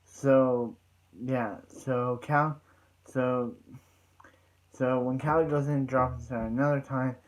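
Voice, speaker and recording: A man's voice: mid-range voice, fairly even intonation, slow pace, pauses often, rough recording. A man recapping a TV episode in a loose, rambling way, stumbling over restarts and repeating "so yeah" between points. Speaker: TV episode reviewer.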